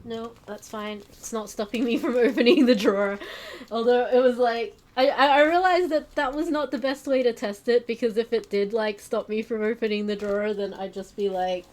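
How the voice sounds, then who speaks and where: A woman's voice: on the high side, steady tone, moderate pace. Chatty rambling woman streamer. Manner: chatty, self-mocking, rambling with fillers. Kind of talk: casual chat while unpacking on stream. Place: home stream room.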